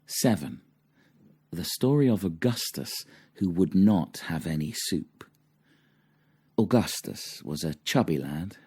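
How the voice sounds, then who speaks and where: A man reading old cautionary rhymes for children aloud. His voice sits deep and he takes the lines slowly. The recitation is dramatic and strongly rhythmic. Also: darkish tone, slightly rough, no room sound. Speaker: reader.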